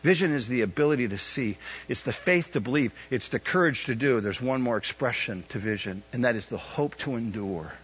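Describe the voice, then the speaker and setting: Husky-voiced pastor in his fifties preaching. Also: mid-range voice, expressive, brisk. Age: 50s. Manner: builds to loud emphatic peaks, questions the congregation. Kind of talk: sermon. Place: church service. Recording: dull lo-fi sound.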